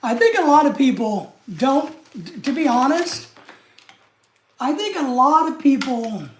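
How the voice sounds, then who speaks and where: A man's voice: extremely high pitch, sing-song, a little slow. A man hosting a live stream, chatting casually and answering viewer comments in an easygoing way. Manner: easygoing, chatty, talks straight to the chat.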